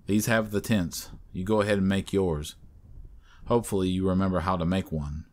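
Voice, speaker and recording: A man with a low voice voicing a calm, kindly older brother on a hunting trip, easygoing and reassuring. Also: normal speed, natural voice. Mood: teasing.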